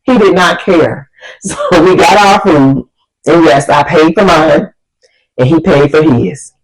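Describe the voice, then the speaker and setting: A woman vlogger telling a story in an animated, exasperated way. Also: sits low, takes it slowly, husky, poor audio. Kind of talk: storytime vlog.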